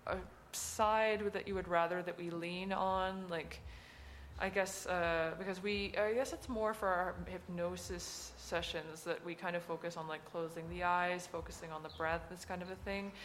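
Woman host, halting and filler-heavy, faint noise behind. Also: on the low side, steady tone. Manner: hesitant, filler-heavy, thoughtful. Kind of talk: casual interview chat.

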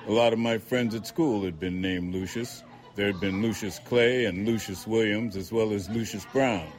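A man reading a novel aloud in a measured, dry first-person narration. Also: on the low side. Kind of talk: audiobook narration.

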